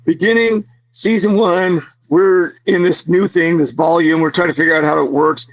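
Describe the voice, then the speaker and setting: A man being interviewed as an actor guest, telling stories in an animated way, laughing often and full of fillers. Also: on the high side, moderate pace, muffled recording. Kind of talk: casual interview storytelling.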